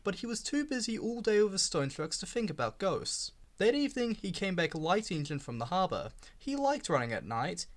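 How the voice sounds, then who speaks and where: A man reading a children's railway storybook aloud, giving the characters voices. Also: sits high. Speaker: storybook reader.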